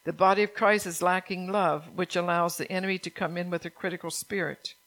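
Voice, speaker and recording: A woman's voice: lowish voice, fairly even intonation, fairly quick, a bit bright, low-quality recording. An older woman preaching in an earnest, conversational way, repeating her key phrases and mixing in personal stories. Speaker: church speaker. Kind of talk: sermon mixed with personal testimony.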